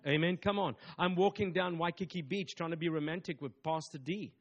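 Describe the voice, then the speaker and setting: A man's voice: on the high side, fairly quick, lo-fi sound. A man, a pastor preaching a sermon emphatically, with repetitive phrasing and call-and-response asides.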